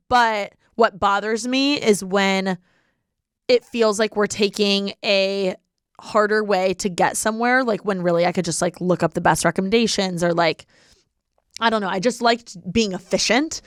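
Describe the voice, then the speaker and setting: A woman's voice: medium pitch, moderate pace, no room sound. Bubbly twenty-something girl podcasting, giggly, says like a lot, dry close sound. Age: 20s. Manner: bubbly, giggly, lots of "like" fillers. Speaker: podcast host. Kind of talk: casual chat. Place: living in LA.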